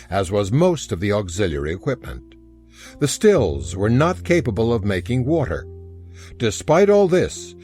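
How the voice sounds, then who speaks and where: A man narrating a historical audiobook in an expressive storytelling manner. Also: on the low side. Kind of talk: scripted narration.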